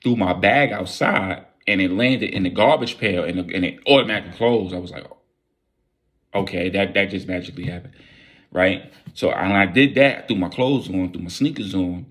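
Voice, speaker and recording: A young man casually telling a wild story in a vlog, with animated, profane street slang. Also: low voice, normal speed.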